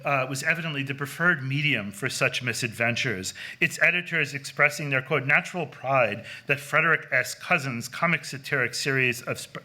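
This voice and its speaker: A man's voice: mid-range voice, pushed and bright. A man presenting a scholarly conference paper, reading dense prose aloud with frequent fillers and self-corrections. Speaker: conference speaker. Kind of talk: academic lecture reading from a paper. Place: lecture hall.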